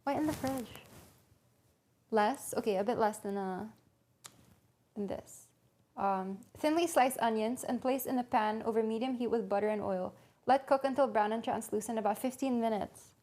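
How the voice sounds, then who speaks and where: A woman's voice: on the high side, moderate pace, a little mellow. A young woman livestreaming from a home kitchen, casually chatting and thinking aloud as she reads a recipe to her viewers. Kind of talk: casual cooking stream chat.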